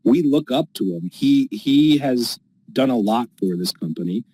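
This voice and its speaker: A man's voice: medium pitch, animated, measured pace, warm tone, breathy edge, no echo, rough recording. A man in a casual chat, speaking in an earnest and sincere way. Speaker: space participant.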